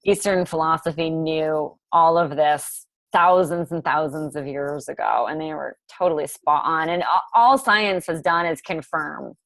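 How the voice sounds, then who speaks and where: A woman coach talks through her ideas in an easygoing, rambling way, often laughing. Her voice sits on the low side, and the recording is dry and close. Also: unhurried, few pauses, fairly bright tone, dry recording. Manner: chatty, laughs often, lots of fillers. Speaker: coach hosting a group call. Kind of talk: casual group coaching chat.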